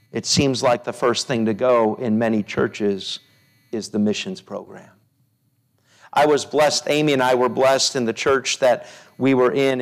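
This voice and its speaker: Man preaching a sermon. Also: medium pitch. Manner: preaching with rising repeated phrases and soft storytelling drops. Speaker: pastor.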